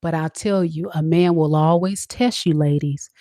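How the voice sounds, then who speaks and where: A woman's voice: low-pitched, normal speed, warm tone, no room sound, studio quality. A woman, a tarot reader giving blunt, preachy love advice straight to the women watching. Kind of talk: direct-to-camera advice talk.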